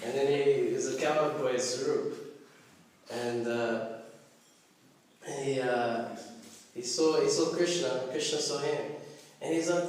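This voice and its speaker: A man giving a devotional class in casual storytelling style, animated and laughing often as he acts out voices. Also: medium pitch, unhurried, pauses often. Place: temple hall. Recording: echoey hall, mic at a distance.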